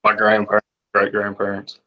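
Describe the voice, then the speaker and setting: A man's voice: fairly low pitch, monotone, normal speed, dull audio. A nineteen-year-old man with a Southern American accent from Virginia, a farmhand giving brief, plain-spoken interview answers. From Virginia, USA. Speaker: podcast guest, farmhand.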